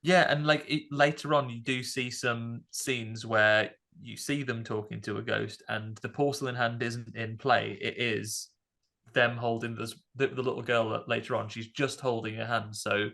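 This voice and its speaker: A man co-hosting a podcast, explaining scenes of a horror film in animated detail. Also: medium pitch, moderate pace, creaky. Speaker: podcast co-host. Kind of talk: casual film discussion.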